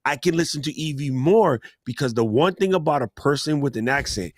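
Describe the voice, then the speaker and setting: A man's voice: fairly high pitch, expressive, fairly quick, dry recording, clean studio sound. A man chatting casually on a live stream, joking and laughing often as he talks about teaching and being yourself. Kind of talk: casual chat.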